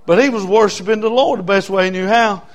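A man preaching a storytelling sermon, dropping to hushed asides and rising to shouted hollers. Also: sits high, fast talker.

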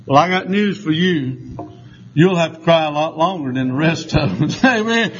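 An older man with a drawl preaches to his congregation, spinning folksy, joking stories. His voice sits high for a man, and the recording sounds a little dull and muffled. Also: animated, normal speed, breathy edge. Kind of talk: sermon.

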